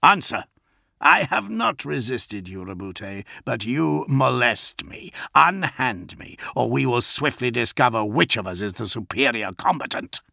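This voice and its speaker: A man voicing a proud, formidable male warlord who speaks slowly and haughtily. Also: medium pitch, lively intonation, creaky, sharp tone, no echo, clean studio sound, exaggerated voice.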